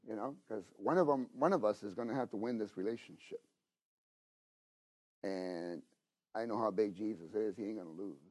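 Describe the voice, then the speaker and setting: A middle-aged man preaching a sermon, talking straight to the congregation and swinging between loud exhortation and hushed asides. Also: lowish voice, moderate pace, long pauses. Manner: talks to the congregation directly, with frequent "you know?" and "okay?".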